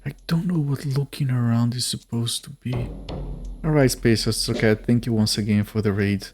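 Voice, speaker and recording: A man's voice: medium pitch, fairly even intonation, normal speed, darkish tone, soft background music. A man streaming a game, chatting with viewers and thinking aloud in a rambling, casual way, sometimes swearing. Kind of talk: casual let's-play commentary.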